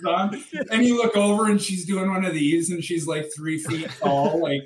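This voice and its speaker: Young man, high voice, heard from a distance, roomy echo, swearing irritated chat. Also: fairly even intonation, normal speed. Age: young adult. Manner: profane, irritated venting. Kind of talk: casual chat. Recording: roomy, off-mic.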